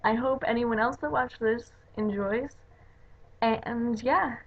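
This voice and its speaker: A woman's voice: fairly high pitch, slow pace, noisy background. A young woman from the Chicago area with a Chicago accent, chatting casually in a home video, rambling with lots of "like" and "you know". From Chicago area, USA. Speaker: vlogger. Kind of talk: casual chat. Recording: dull lo-fi webcam audio.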